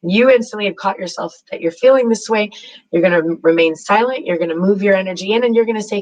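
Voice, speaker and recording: A woman's voice: medium pitch, quick pace, darkish tone, a little hiss or hum, rough recording. A woman hosting a spiritual self-help channel, talking casually and repeating herself, with lots of "like" and "right?" tags. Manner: chatty and repetitive, with many "like" and "right?" tags.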